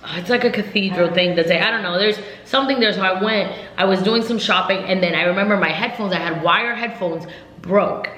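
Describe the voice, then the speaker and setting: A young woman chats loosely through a travel story and keeps dropping fillers as she goes. Her voice sits at an ordinary middle pitch for a woman. The room around her is noticeably roomy and echoey. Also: brisk. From United States. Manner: rambling, filler-heavy, lively retelling. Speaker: vlogger. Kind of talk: casual storytime chat. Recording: roomy echo.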